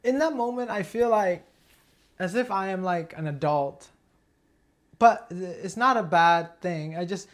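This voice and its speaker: A man, an acting student, sharing a personal memory in class, halting and hesitant with many restarts. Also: high voice.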